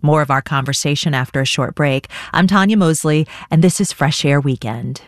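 Measured female radio interviewer. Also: deep voice, no echo, clean studio sound. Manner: measured, probing questions.

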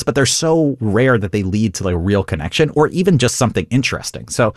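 A man, a comedian, talking through an interview in an animated way, laughing and acting out quoted lines. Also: medium pitch, brisk, few pauses, no room sound, clean studio sound. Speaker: comedian guest. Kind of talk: conversational interview.

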